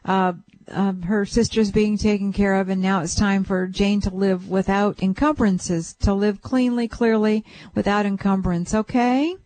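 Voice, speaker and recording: A woman's voice: medium pitch, fairly even intonation, measured pace, a little mellow, no room sound. A woman hosting a radio call-in show as a psychic, chatting casually and breaking into whooping chants.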